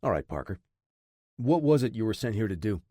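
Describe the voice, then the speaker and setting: A man voicing a hardened male special operative who talks in a gruff, no-nonsense, menacing way. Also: fairly low pitch, big pitch swings, fairly quick, dark tone, no room sound, clean studio sound. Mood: gruff, threatening.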